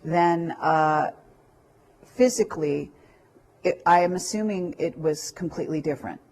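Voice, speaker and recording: Low-voiced woman asking probing questions. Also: a little slow, a little mellow. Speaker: interviewer. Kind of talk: interview questions.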